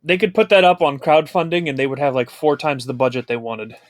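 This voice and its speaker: A man's voice: on the high side, brisk, no echo, studio quality. A man co-hosting a podcast, making earnest, nerdy fan remarks about a movie in casual chat. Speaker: podcast co-host.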